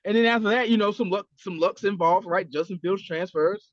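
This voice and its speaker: A man with a fairly high voice talks casually on a podcast, animated and full of swearing. He acts out little quoted exchanges as he goes. The recording is dry and a little muffled. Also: brisk, no room sound. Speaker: podcast co-host. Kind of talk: casual chat.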